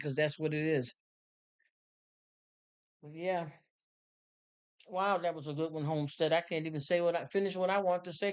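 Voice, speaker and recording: Woman on a chill livestream reacting to chat, smooth clear voice, hypes everyone up with slang. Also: low voice. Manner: effusive, slangy, laughs often. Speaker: livestream host. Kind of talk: casual livestream chat reading viewer comments.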